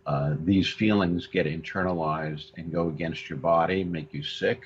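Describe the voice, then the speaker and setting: A male co-host on a counseling radio show, speaking haltingly with many restarts. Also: low-pitched, fairly even intonation. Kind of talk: radio talk show discussion. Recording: dull lo-fi radio audio with faint hiss.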